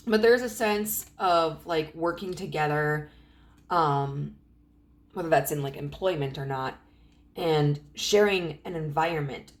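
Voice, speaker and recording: A woman in her thirties talks through a tarot spread in a loose, rambling way, leaning on fillers as she goes. Her voice sits low for a woman. It cracks now and then, and she clears her throat often. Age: 30s. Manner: rambling, many fillers like "you know" and "like". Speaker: tarot reader. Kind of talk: casual pick-a-card tarot reading.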